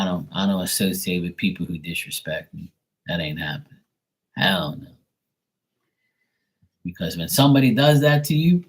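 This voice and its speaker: Blunt, profane man in casual chat; deep and husky. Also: rough recording.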